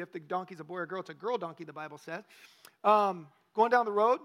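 A man's voice: high voice, a bit bright. A male pastor preaching a conversational sermon, often asking the congregation questions.

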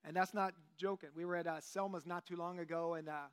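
A man nearing fifty leads a church group study with an easygoing, joking delivery full of fillers. His voice sits high for a man. He talks like he's chatting with friends while teaching. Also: brisk, smooth. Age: 40s. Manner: relaxed, joking, conversational preaching with fillers. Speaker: lay teacher. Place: church meeting room.

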